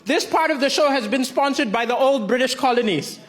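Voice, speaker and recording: A man from Malawi doing a stand-up comedy set, telling deadpan stories with punchlines on a big theatre stage. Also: very high-pitched, a little fast, very noisy. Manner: deadpan storytelling, punchlines to a laughing crowd. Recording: loud live crowd and applause in a big theatre.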